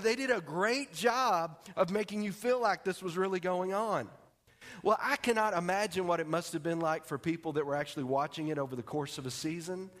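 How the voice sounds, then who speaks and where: A man preaching a sermon, telling a story in an animated way and acting out its scenes. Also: sits high. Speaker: pastor. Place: church sanctuary. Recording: long hall reverb.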